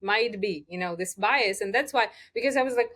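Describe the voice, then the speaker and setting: A woman's voice: mid-range voice, brisk, fairly bright tone. Chatty woman coach with a lilt. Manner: chatty, laughs often, frequent fillers. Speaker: communication coach. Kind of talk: casual interview conversation.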